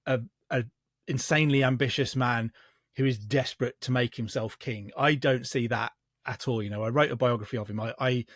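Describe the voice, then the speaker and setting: A man, a historian guest, calmly telling history in a podcast chat with frequent restarts. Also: mid-range voice, dry recording, clean studio sound. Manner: measured storytelling with frequent restarts. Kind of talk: casual podcast explanation of history.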